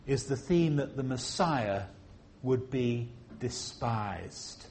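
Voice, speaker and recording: Preacher with a faint Liverpool twang. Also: male voice, slight background noise. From Liverpool, England. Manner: expressive, with slow stressed phrases and sudden high rises; humorous asides. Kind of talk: sermon. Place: church service.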